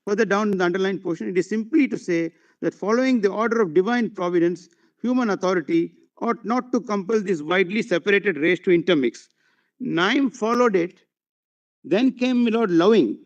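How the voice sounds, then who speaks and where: Indian male advocate, high pitch, deferential courtroom argument, muffled courtroom audio. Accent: Indian English. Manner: deferential, peppered with "my lord" and halting fillers. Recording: dull lo-fi courtroom audio feed.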